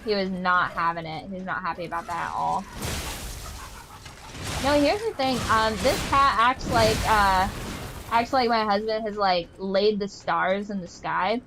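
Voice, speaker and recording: A young woman streaming a game, chatting casually in a rambling way full of "like" fillers and telling animated, playfully exasperated stories. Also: medium pitch, measured pace, background noise. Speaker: gaming streamer. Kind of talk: casual chat while playing a game.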